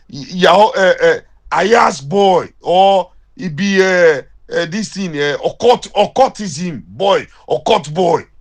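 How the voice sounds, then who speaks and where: A young man with a Ghanaian accent speaks in Pidgin English in a heated, confrontational rant. His voice sits high for a man. He jabs his points out like a voice message to a rival. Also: vocal fry. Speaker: caller sending a voice message.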